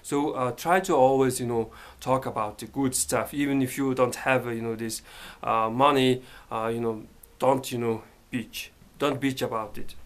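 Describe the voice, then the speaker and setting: A man from Mongolia, talking casually to camera in his bedroom, hesitant and full of fillers. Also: medium pitch. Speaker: vlogger. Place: his bedroom, sitting by the bed.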